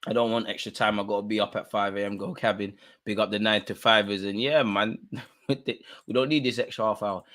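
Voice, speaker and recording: A man, voice bright and sharp-edged, commentating live on a football match for a watch-along crowd. He grumbles low at bad calls, then bursts into loud cheering and yelling at the players, all in casual street slang. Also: steady tone, brisk. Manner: exasperated, heckling the referee, swings between muttering and shouting.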